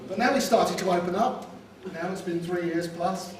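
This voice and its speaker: A man's voice: high-pitched, normal speed, crowd noise. A man from London giving a wedding speech to the guests, delivering wry jokes and punchlines. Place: wedding reception hall. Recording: distant mic in echoey room with loud ambience.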